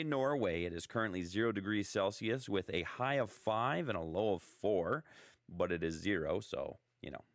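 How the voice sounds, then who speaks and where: A man's voice: on the low side, fairly bright tone, no room sound, studio quality. A man hosting a radio show in a casual, chatty, rambling way, joking at his own expense. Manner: chatty, rambling, self-deprecating. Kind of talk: casual talk radio chat.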